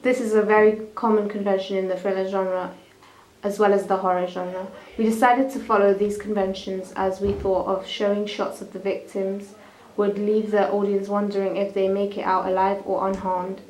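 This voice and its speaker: A woman's voice: medium pitch, flat delivery, normal speed, darkish tone, echoey room, poor audio. A young woman reading a school media evaluation, often stumbling and restarting her lines. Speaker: student presenter.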